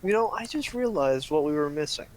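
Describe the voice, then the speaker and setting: Man teasing his friends on a stream, bouncy higher voice, bit of hiss. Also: lively intonation, a little fast. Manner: joking, teasing. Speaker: guest. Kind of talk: casual group chat on stream. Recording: faint background noise.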